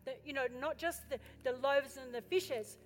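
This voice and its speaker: High-voiced woman preaching in an echoey hall. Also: normal speed. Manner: impassioned, builds to loud exhortation; chatty asides and questions to the congregation. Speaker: pastor. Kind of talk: sermon. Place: church. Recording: echoey hall with faint music.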